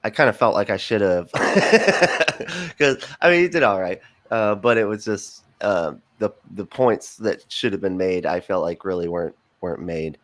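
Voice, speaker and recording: A man talking casually as a podcast guest, rambling with many fillers and quick laughs. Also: on the low side, animated, a bit bright, no room sound.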